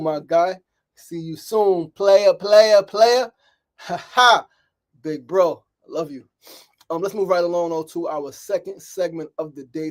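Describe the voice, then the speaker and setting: A man's voice: fairly high pitch, mellow. A middle-aged man hosts a motivational daily talk show, speaking emphatically, repeating himself and often asking "right?". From New York City. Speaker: host.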